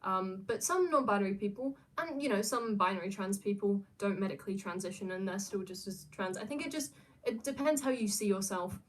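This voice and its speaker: A woman's voice: medium pitch, animated, brisk. A young adult woman, chatting casually on a livestream and answering viewer questions, rambling with lots of fillers and restarts. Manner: rambling, many fillers and restarts, laughs often.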